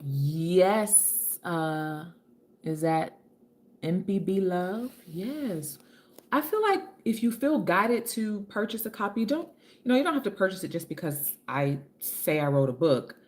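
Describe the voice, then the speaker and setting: With a low-leaning voice, lively intonation, and a measured pace, a woman hosts a casual home livestream lit by a ring light, her kitchen in view. The author greets her viewers by name, calling them honey in a chatty, affectionate way.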